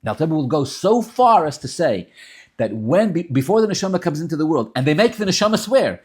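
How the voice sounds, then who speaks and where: Animated man teaching a Torah class. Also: on the high side, fairly quick. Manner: animated, rising emphatic bursts, many restarts; sprinkles Yiddish and Hebrew terms. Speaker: rabbi teaching Tanya.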